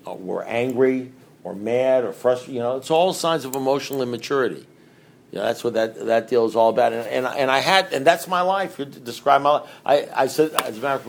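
A middle-aged man giving a rambling, conversational recovery talk to a group and asking his listeners questions. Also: medium pitch. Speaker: speaker at a recovery meeting.

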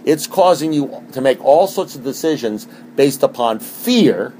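Animated middle-aged man at a recovery meeting. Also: medium pitch, measured pace, hardly any pauses, a little hiss or hum. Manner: animated, repetitive, rhetorical questions.

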